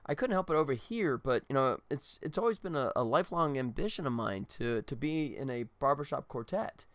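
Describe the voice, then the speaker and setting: A man's voice: mid-range voice, animated, brisk, a bit bright, no room sound. A man voicing a laid-back, heavyset male bar regular who speaks hesitantly in a retold sitcom scene. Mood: sheepish.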